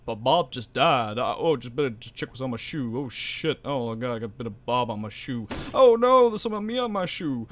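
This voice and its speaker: A man's voice: mid-range voice, brisk, few pauses, a little hiss or hum, natural voice. A man voicing a panicky, dim-witted male henchman in a flustered, whiny way.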